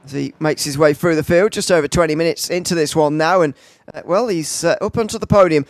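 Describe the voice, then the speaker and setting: A man's voice: a little high, fast talker, no room sound. A man commentating a sim race live, calling overtakes with frequent uhs and restarts. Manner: filler-heavy play-by-play with frequent uhs.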